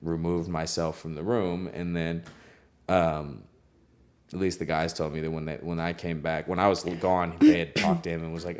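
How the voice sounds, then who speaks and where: Very deep-voiced young man telling stories. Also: moderate pace. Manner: relaxed, heavy use of "like" and "you know", laughs often. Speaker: recording engineer. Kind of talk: casual interview storytelling.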